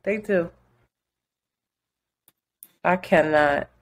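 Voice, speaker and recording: A young woman co-hosting a podcast, chatting casually in an animated, gushing way with frequent laughter. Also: lowish voice, extremely slow. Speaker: podcast co-host. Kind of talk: casual chat.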